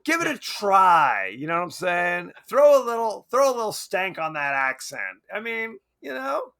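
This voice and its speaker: A podcast co-host with a high-sitting voice talks at a moderate pace, chatting casually and jokily about a movie. He's animated and keeps slipping into quoted voices.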